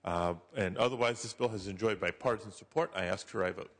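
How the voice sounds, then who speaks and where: Low-voiced senator giving a floor speech. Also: male voice, fairly bright tone. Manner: frequent uh fillers, measured delivery. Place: legislative chamber. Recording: long reverb of a large chamber.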